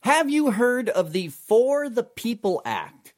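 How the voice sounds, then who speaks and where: Animated man hosting political commentary. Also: very high voice, slow pace. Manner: animated, sarcastic, emphatic.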